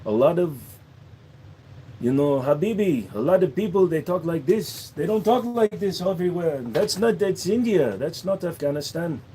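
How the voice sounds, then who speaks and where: Man, livestream host, casual chat, jokey, slightly higher voice, desk mic. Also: expressive, normal speed, dark tone, slight background noise. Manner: jokey, slips into accent impressions. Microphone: desk microphone.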